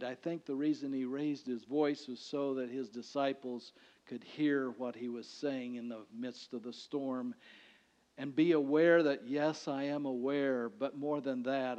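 A male pastor preaching a sermon in a conversational way, swinging between loud declarations and hushed lines. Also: mid-range voice. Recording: dull sound with long hall reverb.

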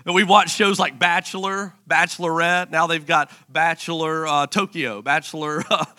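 Man preaching, high pitch, bright tone, joking, animated sermon. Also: moderate pace. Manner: playful, animated, joking asides. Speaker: pastor.

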